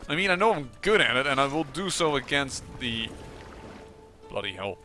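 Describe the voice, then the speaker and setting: A man's voice: mid-range voice, very animated, normal speed, bright, forceful tone, soft background music. A man giving casual, musing commentary on a strategy game, with occasional exasperated outbursts. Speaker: let's play commentator.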